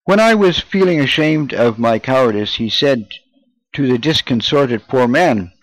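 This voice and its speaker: A man reading an old first-person memoir aloud as narrator, in a measured, earnest way. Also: medium pitch, lively intonation, no echo, low-quality recording.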